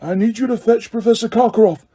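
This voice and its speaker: A man voicing an elderly male wizard headmaster who gives calm, firm orders. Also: sits high, fast, breathy edge, voice pushed up.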